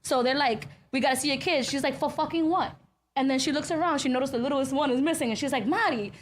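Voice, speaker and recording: A woman co-hosting a podcast, telling family stories in casual, profane, animated chat with frequent laughter. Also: high-pitched, quick pace. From Hispanic family in Florida. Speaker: podcast co-host.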